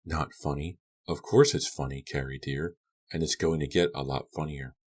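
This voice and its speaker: A man voicing a deranged, menacing teenage girl in an audiobook, quiet and taunting. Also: very deep voice, fairly even intonation, normal speed. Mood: quietly taunting. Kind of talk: audiobook character voice.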